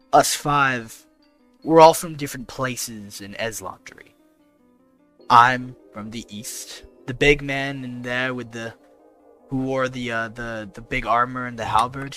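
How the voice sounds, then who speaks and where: A man playing an earnest young adventurer, talking a guard round in a calm, confiding, in-character role-play. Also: mid-range voice, natural voice. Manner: earnest, confiding, measured persuasion.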